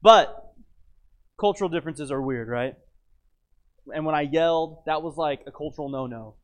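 A man with a slightly high voice, telling a story with lively drama. He adds dry, wry asides. He sounds like he is in his thirties. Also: moderate pace. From United States. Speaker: speaker telling a travel story. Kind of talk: storytelling talk.

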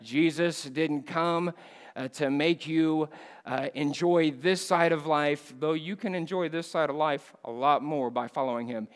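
A man preaching a sermon at a church missions conference, animated and emphatic, swinging from loud bursts down to low, quiet lines. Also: unhurried, smooth, long reverb tail.

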